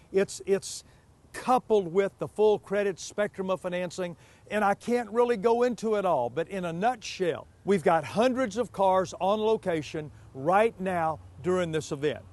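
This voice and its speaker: A man hosting a TV car sales show outdoors on a car lot, pitching used cars with emphatic, repeated prices. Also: darkish tone. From Pacific Northwest US.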